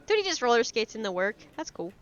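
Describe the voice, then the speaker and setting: Excitable American woman, stuffy nose. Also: a little high, fast, smooth, dull audio. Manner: excitable, swears freely, slips into a French accent. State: stuffy from allergies. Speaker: reaction video host. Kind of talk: casual reaction chat.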